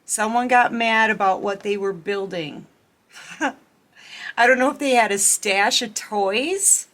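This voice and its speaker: A woman's voice: mid-range voice, takes it slowly, fairly bright tone. A woman giving a casual tarot reading, chatting and giggling as she talks straight to her viewers. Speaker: tarot reader.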